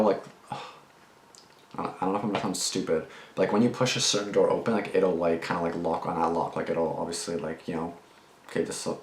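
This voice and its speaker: Young man, deep low voice, rambling reaction talk, echoey room, faint background noise. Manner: rambling, lots of fillers and restarts, swears freely. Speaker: reaction channel host. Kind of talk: casual reaction commentary and storytelling.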